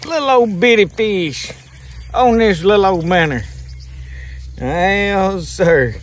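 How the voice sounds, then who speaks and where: A man's voice: high voice, sing-song, slow pace, a little hiss or hum. Folksy Southern man fishing outdoors. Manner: folksy, rambling, chuckling. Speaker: fishing vlogger. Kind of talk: casual outdoor talk to camera. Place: kayak on a pond outdoors. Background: insects and crickets.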